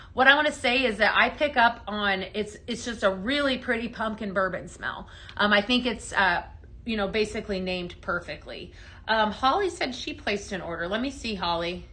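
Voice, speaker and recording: This is live on-air product demo chat: a woman with a medium-pitched, bright, forceful voice runs a home fragrance show from a studio set under hot lights. She stays upbeat while showing off products and reading out comments from viewers, captured in low-quality audio.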